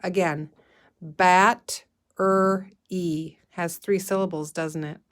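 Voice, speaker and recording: A woman teacher leading a phonics lesson, slowly sounding out word parts and encouraging her young listeners. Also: mid-range voice. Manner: encouraging, calls listeners "friends". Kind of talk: guided reading phonics lesson.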